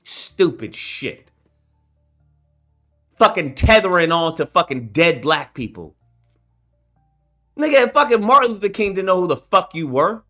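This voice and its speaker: A man's voice: high voice, very animated, unhurried, pauses often, pushed and bright, soft background music. A man hosting his own channel, delivering a heated, profane, confrontational rant straight to his audience. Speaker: channel host. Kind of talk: ranting commentary to camera.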